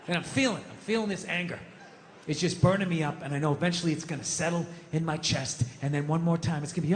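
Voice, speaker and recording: A man performing a stand-up comedy set, ranting with lots of profanity and building up to shouted punchlines. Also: a little high, quick pace. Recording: live hall reverb, faint background noise.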